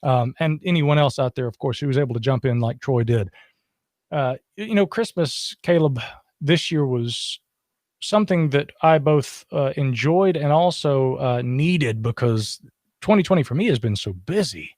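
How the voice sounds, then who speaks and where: A man's voice: medium pitch, expressive, moderate pace, darkish tone, no room sound, clean studio sound. A man hosting a casual late-night call-in podcast, upbeat and chatty with many fillers. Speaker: podcast host. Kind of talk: casual call-in show chat.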